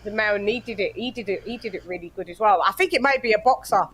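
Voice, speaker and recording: A man's voice: high voice, very fast, fairly bright tone, a little hiss or hum. A man with an English accent in a casual boxing chat, agreeable and talkative. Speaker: boxing show co-host.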